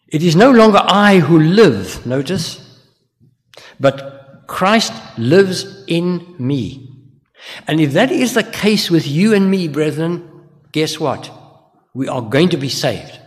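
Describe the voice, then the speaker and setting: Older man preaching in a reverberant hall. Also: on the high side. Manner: earnest, rhetorical questions to the congregation. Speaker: minister. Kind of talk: sermon.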